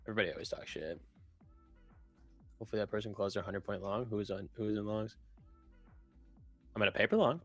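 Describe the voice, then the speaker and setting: A man's voice: lowish voice, fast, long pauses, dry recording, faint music behind. A man co-hosting a live trading stream, joking casually and reading out market headlines. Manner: relaxed, joking, reads market news aloud.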